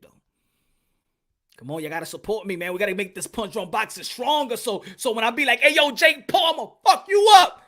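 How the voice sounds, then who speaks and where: A man's voice: a little high, a bit bright. Joking, profane podcast host man. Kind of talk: casual chat.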